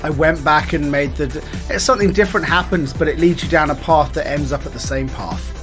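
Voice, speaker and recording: A man co-hosting a casual podcast, making relaxed, matter-of-fact remarks. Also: a little high, brisk, over music. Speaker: podcast co-host.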